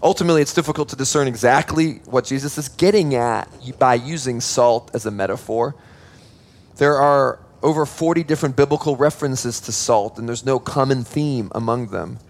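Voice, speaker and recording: A man's voice: mid-range voice, moderate pace. A male pastor giving an earnest sermon, explaining scripture point by point with emphatic stresses and teaching asides.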